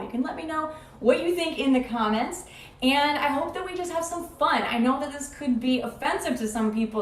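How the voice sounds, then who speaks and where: Upbeat woman teaching in a roomy echo. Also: fairly high pitch. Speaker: online English teacher. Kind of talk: scripted video monologue. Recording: roomy sound from far off, played through a screen share.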